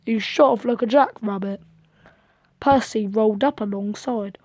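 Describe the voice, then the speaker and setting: A woman reading a children's storybook aloud in a gentle, even storytelling manner. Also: medium pitch, normal speed, no echo. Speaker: storybook reader.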